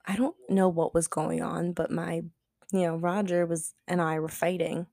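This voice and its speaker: A woman's voice: fairly low pitch, flat delivery, moderate pace, gravelly, warm tone, dry recording, studio quality. A woman podcast co-host telling a casual story, chatty and profane, full of "like" and acted-out quotes. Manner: chatty, profane, heavy use of "like"; acts out quoted dialogue.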